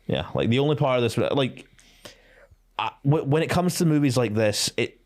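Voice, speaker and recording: A man's voice: mid-range voice, expressive, moderate pace. A man co-hosting a podcast, giving opinionated casual film-review chat with many fillers and frequent laughs. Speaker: podcast co-host.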